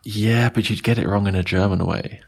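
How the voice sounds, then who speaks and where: Man, deep gravelly voice, flat delivery, hesitant casual book talk. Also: fairly quick. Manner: hesitant, many restarts and fillers. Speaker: book club participant.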